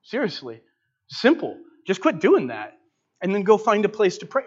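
A man's voice: high voice, sing-song, moderate pace. Earnest preaching man, lo-fi sound. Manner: earnest, building to emphatic preaching with repeated phrases. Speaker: pastor. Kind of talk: sermon.

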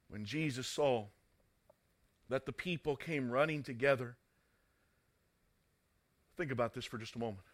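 Male preacher, sermon, fairly high voice, emphatic, dramatic loud and soft swings. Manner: stressing single words slowly.

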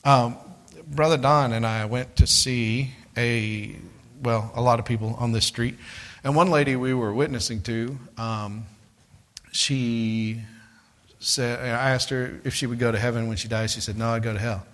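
A man with a mid-range, fairly bright voice preaches a sermon in a conversational style, keeping his intonation fairly even and his pace measured. He addresses his listeners as "guys" and recounts stories from his street witnessing, voicing other people's words in quotes.

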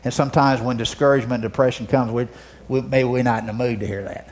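A male pastor preaching a sermon. He moves from loud, emphatic declarations to soft, hushed asides and often repeats words as he restarts phrases. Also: medium pitch, fairly even intonation, quick pace, a little hiss or hum.

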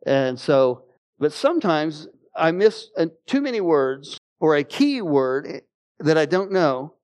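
A middle-aged pastor delivers a sermon in a church, his fairly high voice carrying a personal story. He talks animatedly, climbing into loud exclamations, then sinking low and quiet. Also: sing-song, slow. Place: church sanctuary.

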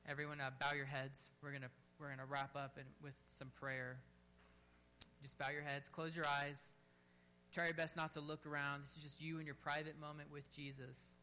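A man preaching a sermon at a church service, fervent and urging, dropping to a quiet, gentle tone to lead prayer. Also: a little high, flat delivery, normal speed, slight background noise. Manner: fervent, rising to near-shouts on bold exhortations, then quiet and gentle in prayer. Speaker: pastor.

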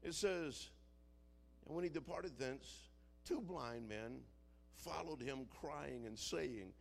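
Fervent preacher, fairly high voice. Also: male voice, lively intonation, takes it slowly, creaky. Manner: builds from quiet to shouting, dramatic preaching. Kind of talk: sermon.

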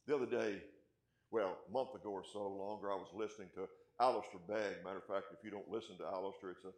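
A man preaching a sermon as pastor, asking his congregation questions and punching key points, then dropping to a hush. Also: sits low, reverberant. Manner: emphatic, rising loud on key points, then dropping quiet; asks the congregation rhetorical questions.

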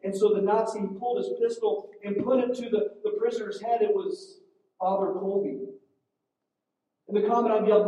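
A male preacher earnestly retells a story during his sermon and often restarts his phrases. His voice is high-pitched yet mellow. He is heard from a distance in a large, very echoey hall. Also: steady tone, normal speed.

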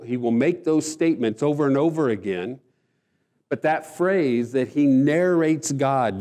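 A man's voice: on the high side, warm tone. A man preaching a sermon, earnest and emphatic, often restarting his phrases. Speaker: pastor.

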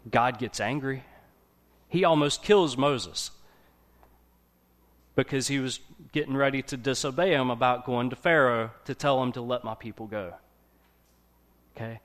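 A man's voice: mid-range voice, fairly bright tone. Man, casual preacher, chatty sermon delivery, mid-range voice. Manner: conversational, often checks in with "okay?".

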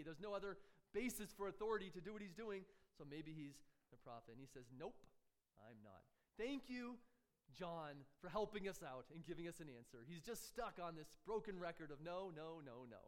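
High-voiced man preaching a sermon. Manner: conversational, asks rhetorical questions, chuckles often. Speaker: pastor.

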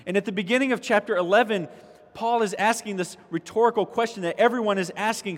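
A man's voice: high-pitched, brisk. Man preaching a sermon in a reverberant hall. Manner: conversational preaching with emphatic rises. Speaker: pastor. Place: church sanctuary. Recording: long reverb of a church hall.

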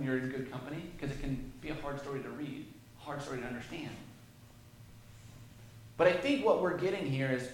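A man's voice: mid-range voice, slight background noise. A man preaching a sermon, reading scripture aloud and then explaining it in a conversational way. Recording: very echoey room.

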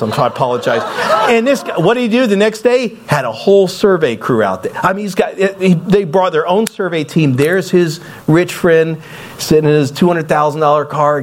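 A middle-aged male preacher spins a personal story from the pulpit, his voice sitting slightly high. He swings widely in pitch, acting out each exchange with animated energy. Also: a little hiss or hum. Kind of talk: storytelling sermon.

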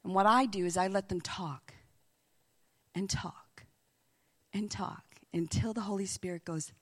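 A woman preaching a sermon as a missionary speaker, telling stories with animation and dropping into hushed whispers. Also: mid-range voice, steady tone, a little slow, long pauses, husky.

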